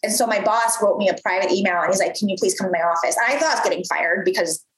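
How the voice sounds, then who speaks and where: A woman's voice: mid-range voice, fast. Woman in her 30s spilling a work story, lots of "like", echoey room. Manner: animated, lots of "like", acts out quoted voices. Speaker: guest telling her career story. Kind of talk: casual storytelling. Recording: roomy echo.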